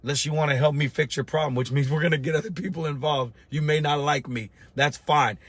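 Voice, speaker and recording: A middle-aged man rants as a business coach, blunt and fired-up, swearing freely. His voice sits a little high for a man. The sound is close and dry, with no room around it. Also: fairly even intonation, quick pace, a bit bright, dry recording. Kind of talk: blunt motivational rant to camera.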